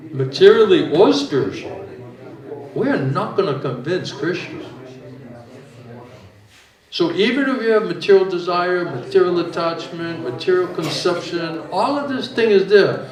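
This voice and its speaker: A man giving an informal spiritual talk, answering questions in a chatty, joking way. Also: high-pitched. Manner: chatty, joking, conversational teaching. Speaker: spiritual teacher. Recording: echoey hall from far off, audience.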